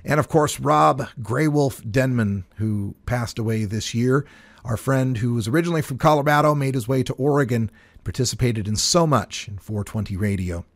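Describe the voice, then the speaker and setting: A man's voice: mid-range voice, moderate pace, gravelly, no echo. Earnest man hosting a radio talk show.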